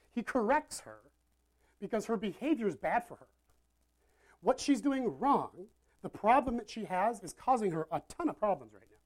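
A woman preaching a sermon in a casual, animated, conversational way, often checking in with "right?". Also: medium pitch.

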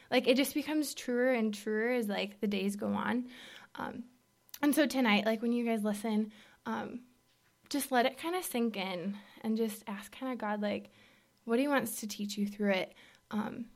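A young woman with a fairly high voice shares a personal testimony before a faith group. She speaks candidly and haltingly, with many fillers. At moments she drops almost to a whisper. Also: vocal fry. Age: young adult. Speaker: speaker giving a faith talk.

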